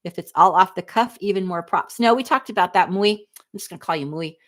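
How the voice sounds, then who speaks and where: A lowish-voiced woman in her forties, chatting on a livestream. She reads viewer comments and answers them with candid, snarky asides. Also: a little fast, a bit bright. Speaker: livestream host reading chat. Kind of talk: casual livestream chat.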